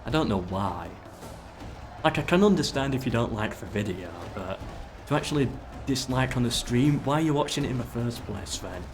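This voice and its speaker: Expressive and mid-range, this man speaks at a moderate pace as he plays a strategy game live over game music. He chats casually, issues commands to his troops, and talks to chat.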